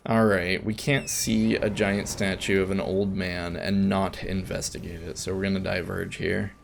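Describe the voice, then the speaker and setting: A man talks his way through a video game, wandering into chatty asides and restarting his sentences. His voice sits low with a gravelly rasp. A faint hiss runs under the recording. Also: little pitch movement, moderate pace. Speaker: let's play gamer. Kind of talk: casual gameplay commentary.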